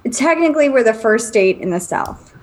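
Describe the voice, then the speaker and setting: A woman's voice: fairly high pitch, lively intonation, normal speed. A woman from Virginia co-hosting a podcast, joking around with sarcastic asides in casual chat. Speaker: podcast co-host.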